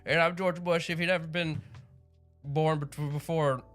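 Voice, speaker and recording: A man doing a quick, raised, jokey impression of an adult male American ex-president. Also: a little high, steady tone, a bit bright, soft background music, pitched above the performer's own voice. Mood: mocking.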